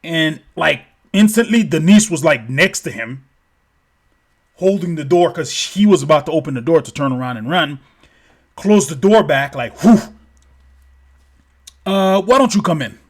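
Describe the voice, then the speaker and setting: A man's voice: a little high, expressive, moderate pace. A man telling a story casually, rambling with lots of "like" and swearing freely.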